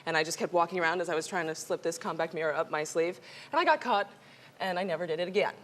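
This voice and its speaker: A young actress from New York City, a guest on a talk show, telling stories with lots of giggles, fillers and restarts. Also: female voice, on the low side, fast talker. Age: young adult. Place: television studio.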